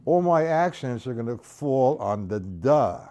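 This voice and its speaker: A man's voice: medium pitch, lively intonation, a little slow, loud music behind the voice. A man teaching a live-streamed drum lesson, explaining accents and counting beats aloud as he plays. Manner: counts beats aloud, loud over his drumming. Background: snare drum playing.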